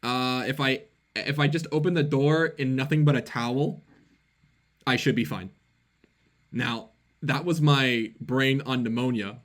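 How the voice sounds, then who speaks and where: A man's voice: mid-range voice, a little slow, long pauses, a bit bright. A young man telling a casual story with an avatar, rambling and full of fillers, poking fun at himself. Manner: rambling, filler-heavy, self-mocking. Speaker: avatar vlogger.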